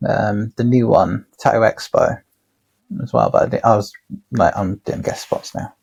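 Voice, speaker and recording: Husky man telling rambling stories. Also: fairly low pitch, steady tone, moderate pace, darkish tone, muffled recording. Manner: rambling, sweary anecdotes. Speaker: podcast co-host, tattooer. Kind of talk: casual storytelling chat.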